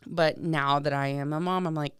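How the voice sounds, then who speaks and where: A young woman who is a podcast guest, chatting in a relaxed way and laughing easily. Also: low voice, normal speed, clear, resonant tone, no echo, clean studio sound. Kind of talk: casual chat.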